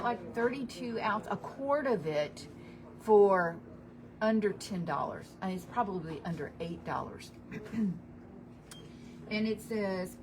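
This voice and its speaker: A middle-aged woman hosting a hardware-store advice show. She explains things chattily and plainly, and she sounds practical and down-to-earth. Her voice sits at an ordinary middle pitch. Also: background noise. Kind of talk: call-in home advice radio talk.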